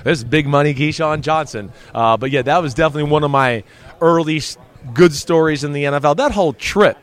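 A middle-aged man tells stories in a relaxed interview. He acts out the people he quotes, and his somewhat high voice swings widely as he does. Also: brisk. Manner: animated, acts out quotes with big pitch swings. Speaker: guest, former football player. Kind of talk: casual storytelling interview.

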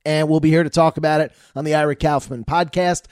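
A male sports podcast host with a fairly high voice signs off and runs through promos at a brisk clip. His voice sounds dry and close to the mic. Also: fairly even intonation, darkish tone, clean tone, dry recording. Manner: quick, upbeat host patter. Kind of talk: radio-style sign-off and promo.

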